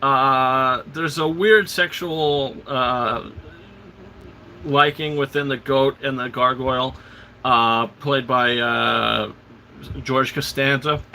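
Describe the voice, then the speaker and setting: A man's voice: medium pitch, steady tone, slow, vocal fry, sharp tone, a little hiss or hum. A man hosting a casual live film commentary, retelling scenes with enthusiasm and stammered restarts. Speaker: host.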